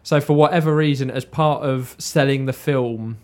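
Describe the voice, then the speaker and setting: A man, chatting as podcast co-host and telling stories in a relaxed, chatty way. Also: mid-range voice, moderate pace. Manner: chatty storyteller, often says like and obviously. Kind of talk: casual chat. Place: warm indoor room.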